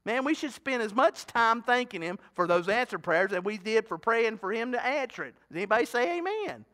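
A middle-aged male pastor with a high-pitched voice, delivering a sermon. His tone is bright and forceful. He talks in a chatty, folksy way and keeps asking the congregation questions. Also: expressive, fairly quick. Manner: folksy, talkative preaching with rhetorical questions to the congregation.

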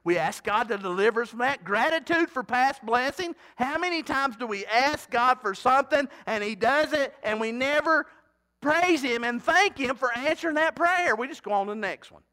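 A man's voice: very high-pitched, lively intonation, normal speed, pushed and bright. A middle-aged man preaching a sermon in a folksy, talkative way, often asking the congregation questions. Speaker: pastor.

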